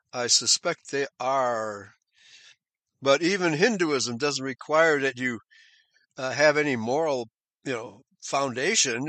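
A man with a slightly high, bright and forceful voice reads a news report aloud, then drifts into sarcastic asides, chuckling as he goes. The sound is dry and close, with almost no room around it. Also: no room sound. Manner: sarcastic asides between read passages, chuckling. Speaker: commentator. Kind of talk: reading news aloud with commentary.

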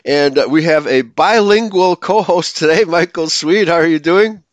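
A man's voice: a little high, moderate pace, no echo. A man from Germany hosting a radio talk show, rambling with many fillers and tag questions. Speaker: radio host.

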